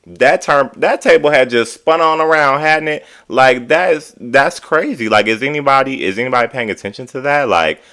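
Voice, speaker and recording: A man hosting a casual reality TV recap, talking in an animated, sassy, opinionated way. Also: medium pitch. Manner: animated, sassy, drawn-out commentary.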